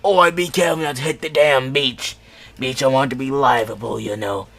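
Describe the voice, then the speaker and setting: A man voicing a bossy male pirate captain with a rusty voice, loud and from a distance. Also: mid-range voice, fairly quick, creaky. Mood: barking.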